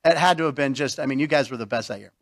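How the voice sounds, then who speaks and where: A middle-aged man with a medium-pitched voice hosts a casual talk show, talking rapid-fire as he jokes, drops names, and eggs his guest on to tell stories.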